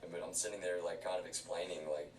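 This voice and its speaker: A man's voice: low-pitched, level tone, fairly quick, distant mic. A man livestreaming, talking at length in an earnest, insistent way, often repeating himself and restarting his sentences. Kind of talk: rambling livestream talk. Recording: roomy, off-mic, faint hiss.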